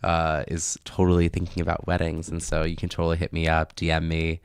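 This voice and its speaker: A man's voice: low voice, completely flat delivery, brisk, clear, resonant tone, dry recording, studio quality. A man appearing as a podcast guest, chatting casually in an upbeat, gushing way. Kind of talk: casual chat.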